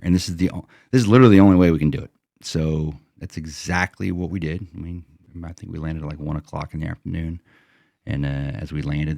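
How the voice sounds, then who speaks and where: A man's voice: very deep voice, gravelly, darkish tone, no echo, clean studio sound. A middle-aged American veteran man telling a combat story in a plain-spoken, casual way, slipping into quoted self-talk. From United States.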